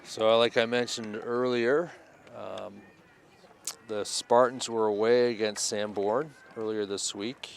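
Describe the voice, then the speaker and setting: A man doing easygoing play-by-play for a local baseball game, chatting between pitches. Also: steady tone, slow pace, vocal fry, a little hiss or hum. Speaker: play-by-play announcer.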